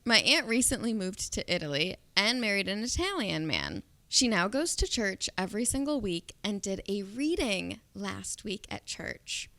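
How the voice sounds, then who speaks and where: Bright-voiced woman telling stories. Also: mid-range voice, moderate pace, hardly any pauses. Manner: animated storyteller, laughing often. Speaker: podcast co-host. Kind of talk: casual chat.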